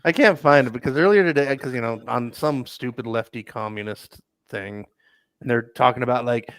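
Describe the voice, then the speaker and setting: A man's voice: medium pitch, moderate pace, fairly bright tone, clean tone, dry recording. A man in a casual political chat, sounding exasperated and incredulous.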